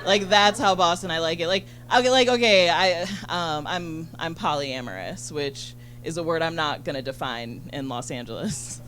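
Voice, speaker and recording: A woman doing a stand-up set on a club stage, chatty and bubbly, full of fillers and quick asides to the crowd. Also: sits low, a bit bright, a little hiss or hum. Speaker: stand-up comedian. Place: comedy club stage in front of an audience.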